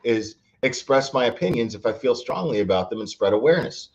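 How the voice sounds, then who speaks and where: A man's voice: medium pitch, fairly quick, dull audio. A man hosting his own channel, giving blunt opinions in casual commentary. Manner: animated and opinionated, with frequent restarts. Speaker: channel host.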